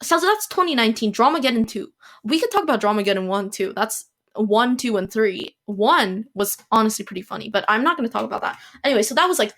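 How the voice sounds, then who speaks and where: A woman's voice: on the high side, lively intonation, fast talker, a bit bright. A woman hosting a casual solo podcast, rambling with lots of fillers and restarts and dropping sarcastic asides. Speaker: podcast host.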